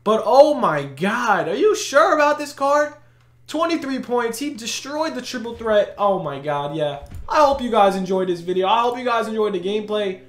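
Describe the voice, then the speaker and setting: A man giving live commentary over his own basketball video game play, slangy and hyped, breaking into shouts of disbelief. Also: high voice, big pitch swings, moderate pace. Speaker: gaming YouTuber. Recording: echoey room.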